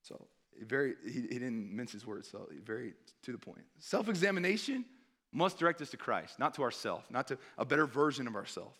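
A man's voice: medium pitch, sing-song, brisk, fairly bright tone. A man in his thirties, a missionary preaching a sermon in a conversational way, often checking in with his listeners. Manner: conversational, asks the audience often with "right?".

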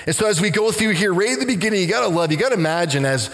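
A pastor delivers an earnest, heartfelt sermon, his fairly high voice circling back on words as he searches for them. The sound carries a long reverb from the church around him. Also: animated, rapid-fire, hardly any pauses, fairly bright tone.

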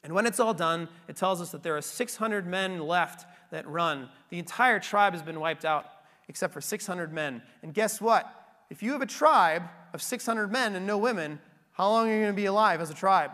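A man's voice: sits high, fairly bright tone, in a large hall. A man preaching a sermon, retelling a scripture story in a conversational way and checking in with frequent tag questions.

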